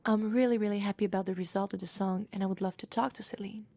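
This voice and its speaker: A woman voicing a soft-spoken male musician in a breathy whisper. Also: sits high, steady tone, fast, dry recording. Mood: hushed.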